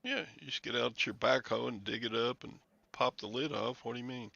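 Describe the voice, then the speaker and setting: A man's voice: mid-range voice, fairly quick, creaky, bright, forceful tone, no echo, highs cut off. A man hosting a casual live chat, blunt and dry-humored. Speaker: host of a livestream.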